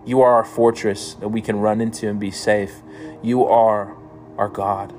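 A man's voice: lowish voice, flat delivery, a little slow, darkish tone, slight background noise. A man reading psalms aloud and then praying fervently for listeners, like a pastor. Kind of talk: scripture reading and prayer. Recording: music playing behind the voice.

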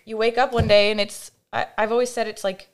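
A young adult woman guesting on a podcast shares a candid personal story, casual and animated, with lots of fillers and acted-out voices for the people she quotes. Her voice is on the high side, smooth and brisk.

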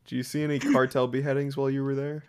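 A man's voice: medium pitch, little pitch movement, fast, a little mellow, clean tone. A man co-hosting a casual podcast, reacting with teasing jokes. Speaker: podcast co-host.

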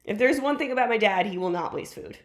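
Her voice runs on the high side, quick and lively in its intonation, as she co-hosts a casual podcast. She tells stories with real enthusiasm, stressing points and laughing frequently.

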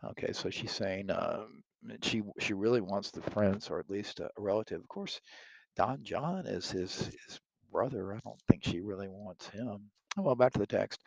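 Low-voiced man explaining a play, hesitant. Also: moderate pace, creaky, dry recording, lo-fi sound. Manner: hesitant, thinking aloud with fillers. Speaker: teacher reading a play aloud. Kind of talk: casual explanation between read passages.

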